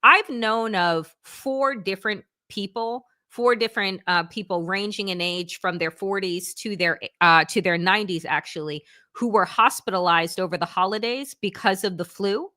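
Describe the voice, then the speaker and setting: A woman's voice: mid-range voice, moderate pace, pushed and bright, no room sound, studio quality. A woman hosting a live political talk show, speaking in an impassioned, conversational way and reading news reports aloud. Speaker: host.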